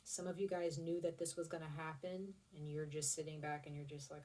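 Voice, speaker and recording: A woman with a notably low voice gives a casual, chatty tarot reading. She rambles, restarts and swears casually. Her voice sits a little distant from the mic. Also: fairly even intonation, fairly quick, few pauses, a little mellow, a little hiss or hum. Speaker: tarot reader.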